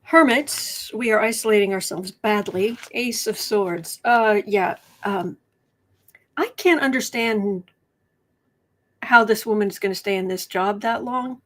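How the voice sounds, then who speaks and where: Slow-talking sardonic woman streamer. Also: medium pitch, a bit bright. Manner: chatty, sardonic, reads chat aloud. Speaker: tarot reader and political commentator. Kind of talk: casual livestream commentary.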